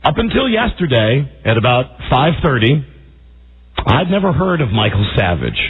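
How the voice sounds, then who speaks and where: A man hosting a talk radio show, emphatic and indignant, with a husky voice. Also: medium pitch, sing-song, normal speed. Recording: tinny phone-like radio audio.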